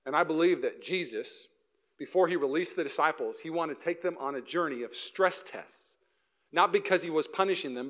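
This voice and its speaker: A young man delivers a sermon to his church. His voice sits high and sounds bright and forward. He keeps it animated, joking and acting out little voices as he goes. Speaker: pastor.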